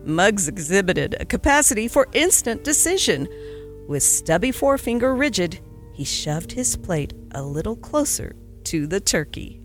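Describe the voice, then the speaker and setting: Woman, storybook narration, very lively pitch, faint music behind. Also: moderate pace. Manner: expressive, dramatic narration. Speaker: podcast narrator. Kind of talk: storybook reading aloud.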